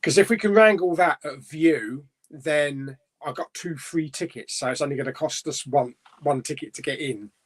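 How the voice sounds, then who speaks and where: A man's voice: fairly high pitch, normal speed, few pauses, husky. A man hosting a casual live chat, reading out viewer comments in an easygoing, chatty way with frequent little laughs. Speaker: host of a live chat stream.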